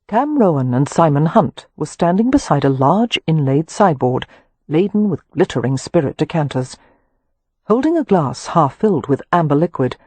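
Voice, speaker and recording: A woman narrating a romance audiobook in an even, measured way. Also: low-pitched, husky, dry recording. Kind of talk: scripted narration.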